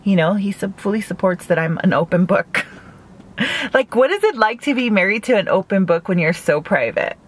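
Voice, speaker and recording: A woman's voice: medium pitch, expressive, normal speed, breathy edge. Chatty woman vlogging from her car. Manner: chatty, laughs at own jokes, full of "like". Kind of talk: casual mukbang chat. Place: parked car.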